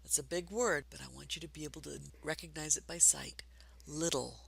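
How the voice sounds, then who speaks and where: A woman teaching a basic reading lesson for adults, patient and encouraging, speaking slowly and clearly. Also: sits low.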